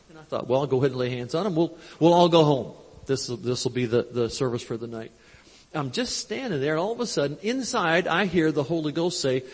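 A man preaching at a live convention, his slightly high, husky voice carrying through a large hall with a long echo. He tells a story in a folksy, animated way, acting out the dialogue as he goes. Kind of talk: storytelling sermon. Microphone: handheld mic.

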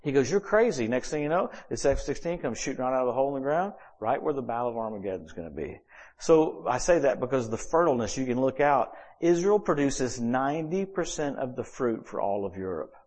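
A man preaching a sermon as the pastor, telling stories in a lively, animated way with big swings in pitch and volume. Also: brisk.

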